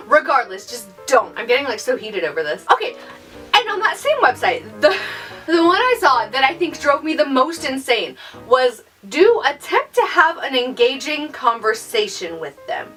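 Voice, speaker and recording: High bright exasperated young woman. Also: big pitch swings, moderate pace, recorded from a distance, soft background music. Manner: exasperated, sarcastic, mocks others in high voices. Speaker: YouTuber. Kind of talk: casual vlog rant.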